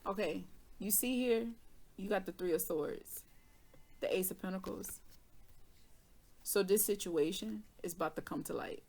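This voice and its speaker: A woman's voice: medium pitch, unhurried, pauses often, darkish tone, slight background noise. A woman reading tarot cards, then telling a story in casual, slangy speech. She laughs often and acts out both sides of the conversation. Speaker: tarot reader.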